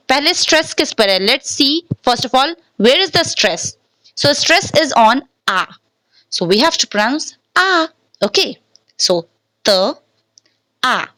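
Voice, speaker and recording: A woman's voice: sits high, pushed and bright, dry recording, rough recording. A woman teaching a language lesson from slides, speaking patiently, repeating words and checking in with "okay?", and switching between English and Hindi.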